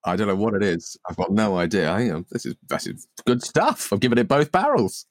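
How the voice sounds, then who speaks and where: A man's voice: on the low side, sing-song, a little fast, no room sound, studio quality. Playful mock-grand male podcast host. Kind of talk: comic podcast chat.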